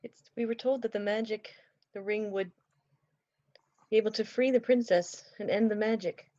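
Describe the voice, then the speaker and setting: A woman's voice: mid-range voice, steady tone, normal speed, warm tone. A woman playing in a tabletop game, patiently explaining things to another player. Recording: dull lo-fi mic.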